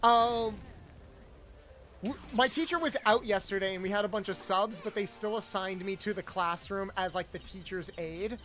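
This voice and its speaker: A man's voice: high-pitched, moderate pace, fairly bright tone. A young man, a streamer host, chatting casually and acting out the people he quotes in his stories. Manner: rambling storyteller, acts out quotes. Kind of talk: casual chat while gaming.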